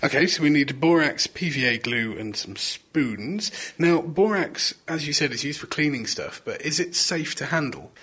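A man's voice: on the high side, lively intonation, normal speed, few pauses, bright, forceful tone, husky. A man presenting a kitchen science segment, upbeat and asking his co-presenter questions.

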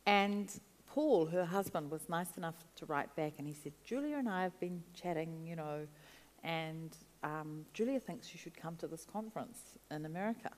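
A woman guest, a food writer, telling animated stories in an interview. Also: deep voice, normal speed, in a large hall. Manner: chatty, animated storytelling with laughs. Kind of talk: storytelling interview answers.

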